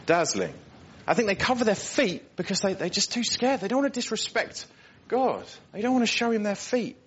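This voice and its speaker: A man's voice: high-pitched, big pitch swings, normal speed, a little hiss or hum. A man preaching a sermon, earnest and emphatic, often repeating words as he builds a point. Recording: dull lo-fi recording.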